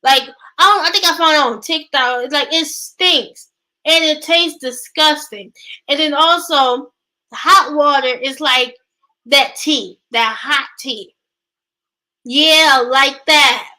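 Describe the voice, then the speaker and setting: A woman with a high, bright voice leads a Bible study, reading scripture with casual commentary at a slow, unhurried pace. She stumbles and restarts over words as she reads, then breaks into chatty asides to her live viewers.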